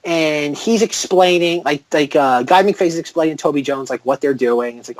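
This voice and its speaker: A man's voice: fairly high pitch, normal speed, no echo. Rambling sarcastic man, dry sound. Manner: rambling, heavy "like" filler, sarcastic. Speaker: podcast co-host. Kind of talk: casual film podcast chat.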